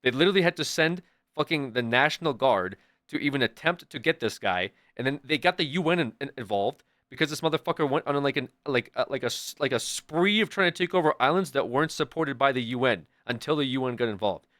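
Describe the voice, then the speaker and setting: A young man streaming, chatting casually in a rambling, excitable and profane way. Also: mid-range voice, quick pace, no room sound, studio quality. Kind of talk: casual chat.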